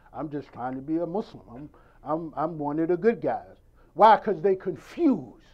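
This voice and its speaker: A man's voice: high-pitched, highs cut off. A man preaching a sermon in a conversational style, acting out dialogues and firing rhetorical questions.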